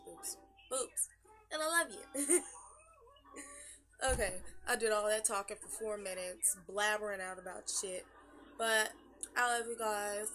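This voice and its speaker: A young woman vlogger, chatty and rambling, swearing freely as she gives shout-outs and walks through her everyday makeup routine at home. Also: medium pitch. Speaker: beauty vlogger. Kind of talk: casual makeup tutorial. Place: at home after work.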